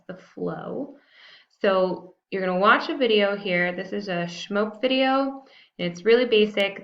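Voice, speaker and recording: Gravelly low teacher woman, lo-fi. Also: a bit bright. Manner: casual, self-deprecating, frequent fillers. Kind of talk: recorded classroom lesson walkthrough.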